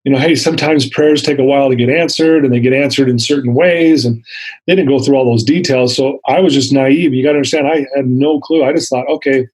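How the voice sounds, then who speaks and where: A man's voice: medium pitch, fairly even intonation, a little fast, a little mellow, slightly rough, low-quality recording. Male interview guest in his fifties. Earnest storyteller who acts out the quotes. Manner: earnest, vivid retelling with acted-out quotes. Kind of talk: personal storytelling.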